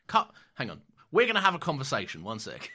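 A man's voice: medium pitch, huge pitch swings, quick pace, pushed and bright, breathy edge. A young man co-hosting a podcast in casual chat, teasing and sardonic, swearing casually. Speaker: podcast co-host.

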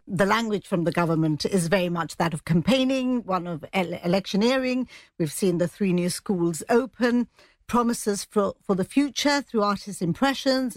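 A woman's voice: medium pitch, no room sound. Chatty newswoman, dry studio mic. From Gibraltar. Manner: brisk, chatty, mixes in Spanish phrases. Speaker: news editor. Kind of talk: radio news chat.

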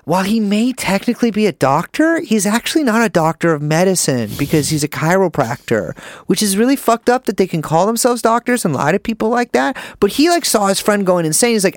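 A man's voice: high voice, sing-song, fairly quick, dry recording, clean studio sound. A man co-hosting a podcast in casual, rambling and profane chat, joking and restarting his sentences. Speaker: podcast co-host.

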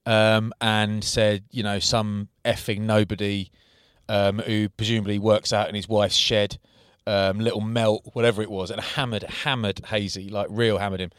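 A man in casual podcast banter, telling an animated story about a friend. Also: fairly low pitch, normal speed, few pauses, clear, resonant tone, dry recording, studio quality. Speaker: podcast co-host. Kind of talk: casual chat.

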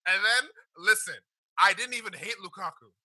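A man's voice: high voice, moderate pace, pushed and bright, dry recording, low-quality recording. A man co-hosting a casual football podcast, talking emphatically and laughing often. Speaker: podcast co-host.

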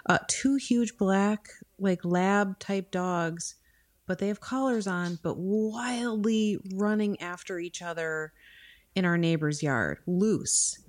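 A woman's voice: medium pitch, takes it slowly. A woman in her thirties co-hosting a podcast from home, telling a story in a rambling casual way with lots of "like". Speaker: podcast co-host.

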